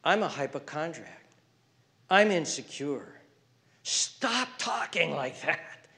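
Male preacher, high-pitched, very animated delivery, drops to whispers for emphasis. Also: slow pace, vocal fry. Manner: swings from loud emphatic calls to hushed whispers. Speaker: pastor. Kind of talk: sermon.

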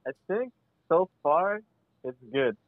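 A man guesting on a comedy podcast, tossing out quick, offhand suggestions. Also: a little high, expressive, dry recording, phone-quality sound. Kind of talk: casual comedic chat.

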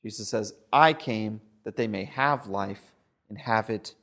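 A man preaching a sermon with animated delivery, stumbling over repeated words and often asking "right?". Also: fairly low pitch, unhurried. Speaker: pastor.

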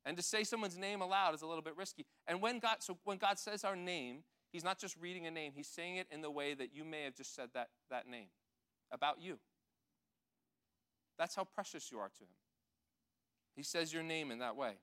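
Bright, clear-voiced male pastor. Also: fairly high pitch, a little fast. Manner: gentle, conversational, addresses kids and adults. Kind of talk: children's sermon with audience participation.

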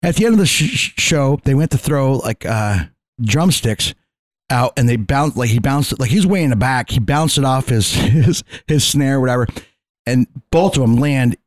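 A man's voice: medium pitch, expressive, moderate pace, no room sound, studio quality. A man on a podcast telling a story in casual chat, acting out the quotes, laughing often and swearing freely. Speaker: podcast co-host; fair security worker.

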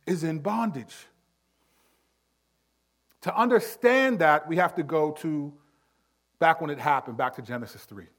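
A man with a notably high voice delivers a sermon as a pastor. He talks conversationally and often turns to his listeners with asides. He pushes hard on key words, then drops to a near-hush. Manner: emphatic, swings from loud to hushed.

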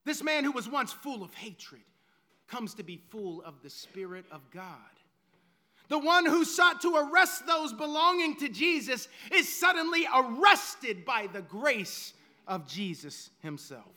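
A male pastor preaching a sermon dramatically and emphatically, dropping to hushed lines and then rising to loud ones. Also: very high voice, sing-song, unhurried.

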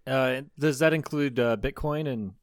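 A man's voice: mid-range voice, a little slow, no echo, clean studio sound. A young man from Iowa co-hosting a podcast with a clogged nose, laid-back and asking questions. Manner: laid-back, asks questions, laughs easily. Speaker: podcast co-host. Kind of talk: casual chat.

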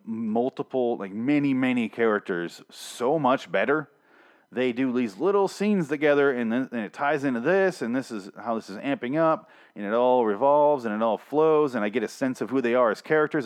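A young man reviewing a TV episode in a casual, profane, sarcastic rant, full of exasperated complaints. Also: mid-range voice.

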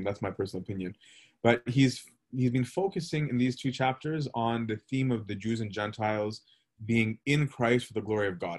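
A man teaching a Bible study in a conversational way, often checking in with "right?" and pausing with fillers. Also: mid-range voice. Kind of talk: casual Bible lesson.

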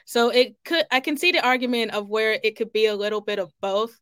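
A woman with a smooth, clear voice speaks as a panelist on a sports talk show. Her takes come out measured and analytical. The sound is dry and close. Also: fairly high pitch, fairly bright tone, no room sound.

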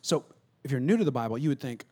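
A man preaching a conversational sermon, acting out little dialogues and swinging between loud bursts and hushed asides. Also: medium pitch, lively intonation, fast talker. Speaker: pastor.

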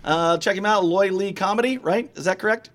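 A man's voice: sits high, brisk, fairly bright tone. A man hosting a podcast, making playful jokes and banter. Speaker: podcast host. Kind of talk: casual podcast chat.

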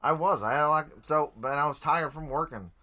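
A man co-hosting a podcast in casual chat, halting and restarting his sentences often. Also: on the high side, sharp tone. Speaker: podcast co-host.

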